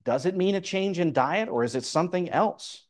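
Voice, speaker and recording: Man, preacher, sermon-style bible teaching, somewhat high-pitched, explanatory. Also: animated, normal speed. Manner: explanatory, reads verses aloud.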